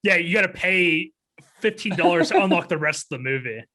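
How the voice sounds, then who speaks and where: A man co-hosting a casual film review podcast, animated and laughing often, his voice jumping high when excited. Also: a little fast. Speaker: podcast co-host.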